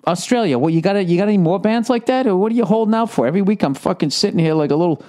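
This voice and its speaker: A man's voice: sits high, animated, very fast, darkish tone. Man, podcast host, profane, mock-outraged rant, casual studio chat.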